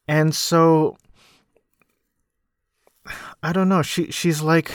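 Podcast host, male, young adult, rambling film recap, self-deprecating, mid-pitched, dry close mic. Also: slow pace, long pauses, no room sound. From United States. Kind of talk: casual film recap monologue.

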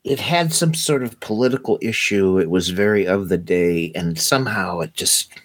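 A man co-hosting a casual movie chat show, talking enthusiastically with halting restarts. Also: low-pitched, no echo. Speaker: co-host of a movie watch show.

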